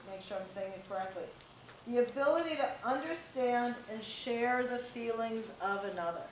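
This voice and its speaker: Middle-aged woman presenting to parents, higher voice, chatty and direct, echoey room w faint hiss. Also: recorded from a distance. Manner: direct, conversational, acts out dialogue. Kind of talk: live presentation to parents and teens.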